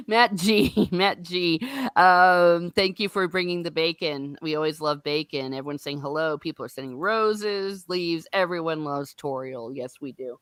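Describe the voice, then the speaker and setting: A woman's voice: lowish voice, measured pace, fairly bright tone, clean tone, no room sound, clean studio sound. A woman hosting a casual book discussion livestream, chatty and laughing at herself. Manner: chatty, laughing, self-mocking. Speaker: host.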